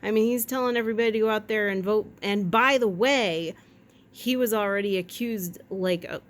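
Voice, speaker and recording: Jokey rambling woman vlogger. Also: medium pitch. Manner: rambling, jokey, quick asides, does silly voices. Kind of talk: casual chat. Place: at home.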